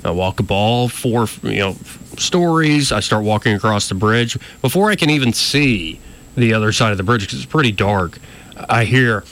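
A man co-hosting a talk radio show, telling a story in a lively way and acting out the voices of others. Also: medium pitch, moderate pace. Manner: animated storyteller, acts out voices.

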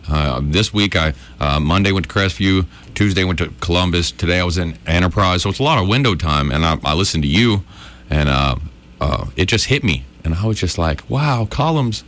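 A man, a comedian guest, chatting casually with emphatic, drawn-out stresses. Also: low voice, animated, a bit bright. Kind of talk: casual chat.

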